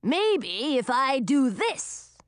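Fretful older witch, read by a woman, lively pitch. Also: very slow, no room sound, clean studio sound, heavily acted. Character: worried old woman witch.

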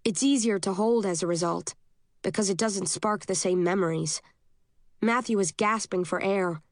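A woman reading a first-person novel aloud as an audiobook narrator, steady and measured. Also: mid-range voice, no room sound, studio quality.

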